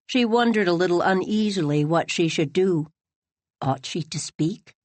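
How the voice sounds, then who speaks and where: Woman audiobook narrator, lowish voice, steady storytelling, dry close-mic sound. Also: no room sound. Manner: even, measured storytelling.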